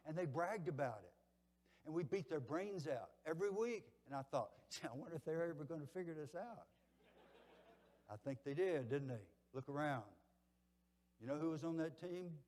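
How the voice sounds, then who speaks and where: A man in his seventies with a Southern accent gives a motivational keynote at a banquet, telling stories dramatically and swinging from hushed to loud. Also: mid-range voice, long reverb tail. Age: 70s. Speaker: keynote speaker. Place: large banquet hall.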